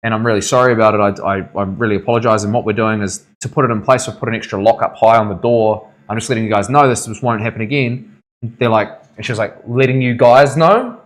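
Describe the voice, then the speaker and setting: With fairly low pitch and fairly even intonation, the tattoo artist from New Zealand talks fast, and the audio is poor. He chats loosely on his live stream, drifting from story to story and swearing often.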